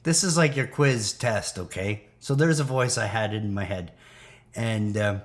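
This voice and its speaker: A man's voice: lowish voice, unhurried. A man talking in a rambling spiritual monologue, laughing now and then and sometimes dropping to a whisper. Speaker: video host.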